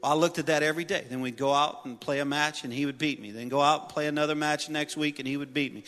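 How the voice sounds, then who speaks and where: A middle-aged man preaching a sermon, telling personal stories with humor and building to loud exhortation. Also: fairly high pitch, steady tone, quick pace. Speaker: pastor. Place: church sanctuary. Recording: long reverb of a large hall.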